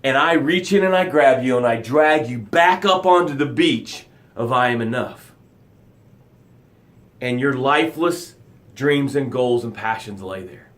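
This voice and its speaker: A middle-aged man hosting a motivational live broadcast, reading viewer comments aloud and swinging between loud, dramatic pushes and soft, quiet lows. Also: lively intonation, a little slow.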